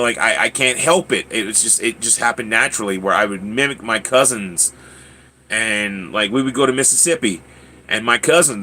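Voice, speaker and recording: A livestream host with a medium-pitched, bright, forceful voice chats casually with his viewers and reads their comments. He often stammers and repeats words.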